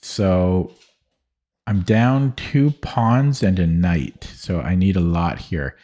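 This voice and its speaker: A man with a somewhat low, husky voice works through chess puzzles out loud at his desk at home. He speaks very slowly and calmly, stopping to weigh each move. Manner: calm, slow, musing, talks himself through moves. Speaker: chess streamer. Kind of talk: thinking aloud while solving chess puzzles.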